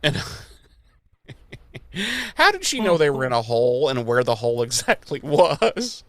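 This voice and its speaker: A man's voice: mid-range voice, sing-song, measured pace. A man hosting a podcast, recapping an episode in a casual, jokey, sweary way. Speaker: podcast host.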